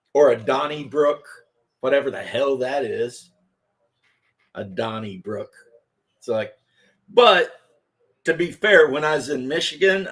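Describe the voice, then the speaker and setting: A man in his fifties from Kentucky, hosting a casual chat while crafting and telling rambling anecdotes. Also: mid-range voice.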